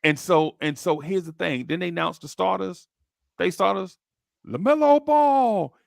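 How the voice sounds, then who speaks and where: A man hosts a basketball podcast in slangy, animated chat, with a gravelly edge to a voice pitched a little high. The sound is dry and close, with no room around it. He tells stories with plenty of energy. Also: moderate pace, dry recording. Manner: slangy, excitable, acts out quotes in high voices. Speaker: podcast host.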